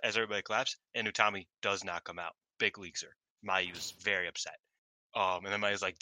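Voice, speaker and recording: Bright-voiced man in casual chat. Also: on the low side, fast, no room sound. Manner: animated storyteller, acts out quotes, laughs often. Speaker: podcast co-host. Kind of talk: casual chat reviewing wrestling shows.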